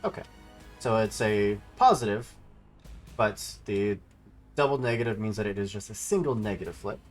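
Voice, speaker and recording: Speaking at an ordinary pace in a fairly low voice, a game master plainly calls out the rolls and the damage dealt. Soft background music plays throughout the tabletop session.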